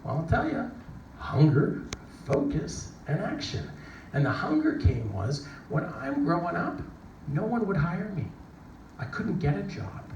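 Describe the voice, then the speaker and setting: Middle-aged guy doing a pumped-up motivational talk, voice a bit high, mic far off in a big echoey room, noisy. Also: normal speed. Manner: animated storyteller, acts out voices and shouts. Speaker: motivational speaker. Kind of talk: storytelling keynote talk. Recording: echoey hall from a distance, noisy.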